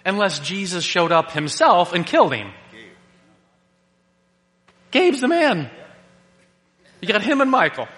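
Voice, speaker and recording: Animated male preacher who jokes and asks rhetorical questions, with a slightly high, bright voice. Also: measured pace, long pauses. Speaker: pastor. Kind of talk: sermon. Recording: long reverb of a large hall.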